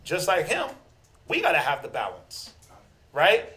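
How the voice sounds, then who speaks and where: A man teaching a Bible class, animated and talking with his group, acting out the voices of the people he quotes and calling for responses. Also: on the high side, a little slow. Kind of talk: interactive scripture class. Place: room with class members. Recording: echoey room.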